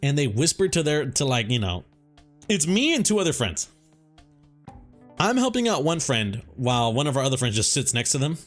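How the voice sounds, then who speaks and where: A young man tells a story while he plays a game, his voice rising and dipping all over. He talks in a relaxed, rambling way and swears often. Game music plays quietly behind him. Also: medium pitch, moderate pace. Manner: laid-back, rambling, swears a lot. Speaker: gaming YouTuber. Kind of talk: casual storytelling over gameplay.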